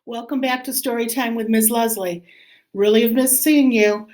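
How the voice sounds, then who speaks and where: A woman teacher reading a picture book aloud to children in an expressive, animated way. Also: on the high side, moderate pace, echoey room. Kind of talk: read-aloud story time for children.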